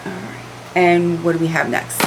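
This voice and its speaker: A woman's voice: on the low side, little pitch movement, normal speed, background noise. A woman chatting casually as she unboxes beauty products, candid and repeating words for emphasis, in a room lit by a ring light. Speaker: beauty vlogger.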